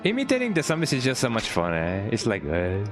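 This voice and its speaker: This gameplay streamer is a man whose medium-pitched voice swoops wildly up and down as he speaks quickly over background music. Playful and chatty with his audience while he plays, he closes nearly each sentence with a questioning "eh?".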